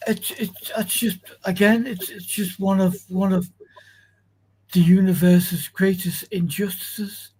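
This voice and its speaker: An earnest co-host on a livestream who mostly chimes in to agree with the guest. The voice is somewhat husky and mid-pitched. It is heard from a little way off the microphone. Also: fairly even intonation, slow, a little mellow, low-quality recording. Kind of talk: livestream conversation.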